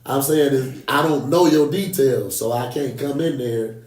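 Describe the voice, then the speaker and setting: A man in a podcast panel chat, talking casually with lots of slang and quick asides. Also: medium pitch, darkish tone. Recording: echoey room, far from mic.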